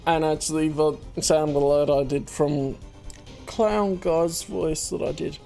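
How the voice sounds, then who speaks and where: A man's voice: on the high side, steady tone, unhurried, creaky, dark tone, faint music behind. A man casually chatting while he plays through a game on stream, laughing often and restarting his sentences as he talks. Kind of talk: casual let's-play chat.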